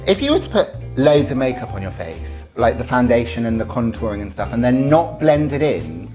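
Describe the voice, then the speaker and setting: Woman, very deep voice, lively pitch, playful cooking-show co-host, faint music under. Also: a little fast, rough recording. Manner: playful, chatty, explains as she cooks. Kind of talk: casual cooking chat.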